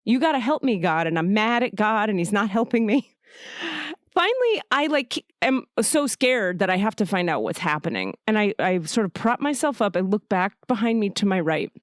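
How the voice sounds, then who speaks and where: Woman host, swearing storyteller, mid-pitched voice, dry close mic. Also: normal speed, no room sound. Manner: emotional, profane, animated storytelling. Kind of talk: casual storytelling.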